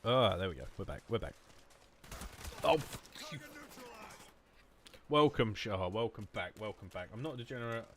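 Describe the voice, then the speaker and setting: A man's voice: lowish voice, expressive, normal speed, pauses often, fairly bright tone, a little hiss or hum. A man with an Essex accent, rambling and swearing in a jokey way while streaming a shooter game. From England. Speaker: gaming streamer. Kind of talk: casual livestream commentary. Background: game gunfire.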